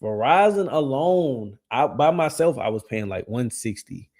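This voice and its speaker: Animated gravelly man reacting with laughs. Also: medium pitch, unhurried. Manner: laughs often, animated, slangy. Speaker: streamer reacting to videos. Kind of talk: casual reaction commentary.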